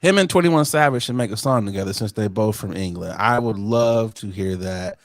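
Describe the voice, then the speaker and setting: A man co-hosting a podcast, telling stories in an animated, incredulous casual chat. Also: lowish voice, moderate pace, no room sound. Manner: animated, incredulous storytelling with laughs. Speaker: podcast co-host.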